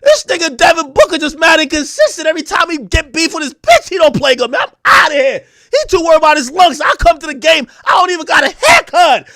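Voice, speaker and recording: A man putting on the voice of a whiny male basketball star who shouts complaints about his teammates in crude slang. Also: very high voice, very animated, fast talker, hardly any pauses, no room sound, clean studio sound, voice pushed up, full character voice. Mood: griping.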